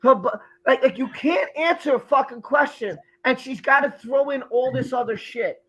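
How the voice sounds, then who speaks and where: A man's voice: very high voice, moderate pace, a bit bright, husky, dull audio. A man hosting a livestream, ranting heatedly and swearing as he gives commentary. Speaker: show host.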